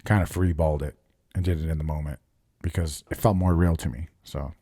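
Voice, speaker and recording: A man's voice: a bass voice, fairly even intonation, a little fast, mellow, husky. A man in his thirties hosting a podcast, telling stories in loose, profane casual chat and laughing often. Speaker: podcast host.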